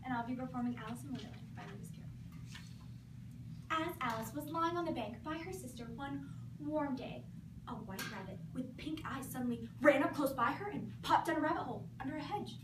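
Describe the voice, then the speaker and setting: Animated teen girl storyteller in an echoey room. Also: high voice, a little fast. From Georgia, USA. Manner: animated, expressive. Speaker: competition performer. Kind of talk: storybook narration. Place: school competition room. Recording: echoey room from far off, noisy.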